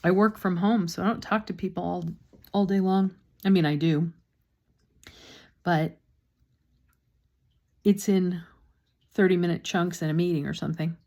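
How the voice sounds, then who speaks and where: A woman's voice: lowish voice, fairly even intonation, unhurried, long pauses, darkish tone. A woman painting instructor talks casually through a step-by-step demonstration, with chatty, self-deprecating asides and a slightly sore throat.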